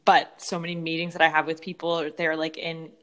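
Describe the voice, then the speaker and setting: A woman's voice: low-pitched, completely flat delivery, fairly quick, a bit bright. A woman co-hosting a casual podcast with her sister, talking in a bubbly, giggly way with lots of "like". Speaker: podcast co-host. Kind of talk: casual chat between sisters.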